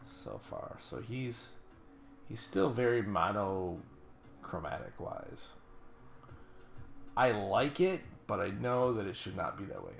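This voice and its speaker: A man's voice: lowish voice, gravelly. A man thinking aloud in a rambling, casual way as he paints a character digitally, often correcting himself mid-sentence. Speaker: digital artist.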